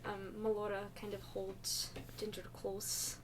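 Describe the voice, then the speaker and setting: A woman playing a tabletop game, describing her character gently and hesitantly. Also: mid-range voice, monotone, a little slow, a crowd in the background, poor audio. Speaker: player.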